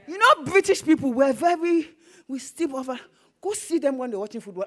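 A married woman preaching a sermon, animated and swinging into bursts of shouting. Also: sits high, fast talker. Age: adult, married.

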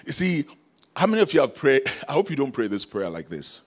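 A man's voice: on the low side, sing-song, fast talker. Man preaching with call-and-response. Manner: calls out to the congregation, rhetorical questions; laughs often between points. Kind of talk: sermon.

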